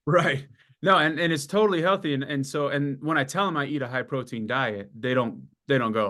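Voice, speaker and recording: A man's voice: mid-range voice, fairly quick. A man in his forties telling his story in a casual interview, swearing freely and acting out the people in it. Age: 40s. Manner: animated storyteller, acts out dialogue, swears freely. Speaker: client giving a testimonial.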